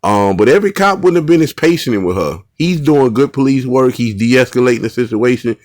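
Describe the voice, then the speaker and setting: A man's voice: mid-range voice, lively intonation, a little fast, a little mellow, no echo, clean studio sound. A male host giving casual commentary on bodycam footage, earnest and repetitive, often restarting his sentences.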